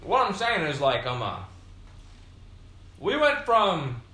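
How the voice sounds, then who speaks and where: A man's voice: a little high, big pitch swings, slow, bright, forceful tone. Tipsy young man rambling, roomy echo. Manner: profane, meandering, frequent fillers. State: tipsy from beer. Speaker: podcast host. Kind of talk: rambling casual monologue.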